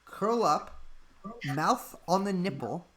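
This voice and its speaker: A man's voice: high voice, animated, slow, fairly bright tone. A man co-hosting a live-stream chat, rambling through an absurd bit of mock-serious advice. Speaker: podcast co-host.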